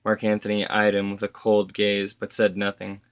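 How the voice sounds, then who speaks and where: Guy reading his own story out loud, low voice, trips over a word now and then. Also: moderate pace, smooth, dry recording. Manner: steady, occasional stumbles and self-corrections.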